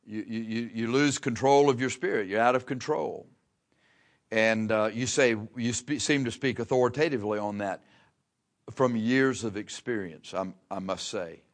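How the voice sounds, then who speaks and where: A man's voice: medium pitch, a bit bright. A man preaching a sermon in a plain-spoken, folksy way, pushing key words with emphatic rises and repeating phrases for effect. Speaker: pastor.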